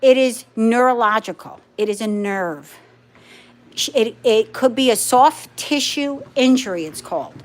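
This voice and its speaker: A woman's voice: fairly high pitch, animated, unhurried. Chatty woman hosting a live stream. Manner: chatty, talks to viewers and her dogs; firm and defensive when answering comments. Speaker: livestream host. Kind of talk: casual live chat.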